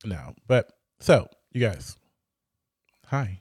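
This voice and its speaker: Low-voiced chatty male podcast host. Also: moderate pace, darkish tone, no echo, studio quality. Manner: rambling, chatty, drops the odd swear word. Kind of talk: casual chat.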